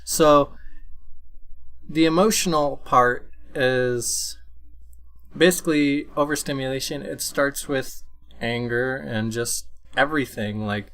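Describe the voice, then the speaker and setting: A man's voice: medium pitch, fairly bright tone. Rambling, apologetic young man. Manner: rambling, apologetic, with many restarts. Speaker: vlogger. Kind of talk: casual unscripted talk to camera. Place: room at home. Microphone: computer microphone.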